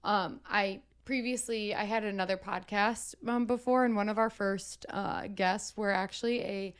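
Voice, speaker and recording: A woman hosting a podcast, speaking casually and pausing often with fillers as she shapes her thoughts. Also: medium pitch, steady tone, smooth. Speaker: podcast host. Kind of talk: casual chat.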